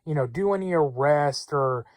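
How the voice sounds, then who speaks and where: A man's voice: a little high, moderate pace, darkish tone, no echo. Blunt, rambling political talk-show man. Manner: rambling, many fillers and restarts, blunt. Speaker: political commentary host. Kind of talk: casual opinion monologue.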